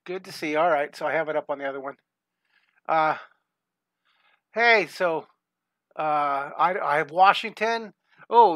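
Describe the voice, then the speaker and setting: A man's voice: a little high, sharp tone, no room sound. A middle-aged man hosting a live online drawing lesson for young kids, upbeat and encouraging, greeting viewers by name as he draws. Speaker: art teacher hosting a live drawing class.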